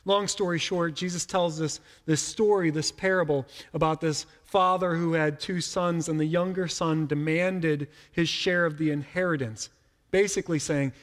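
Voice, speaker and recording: A middle-aged man preaching a sermon in a relaxed, conversational way, often repeating a word as he starts a sentence. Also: on the high side, moderate pace, big-room sound. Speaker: pastor.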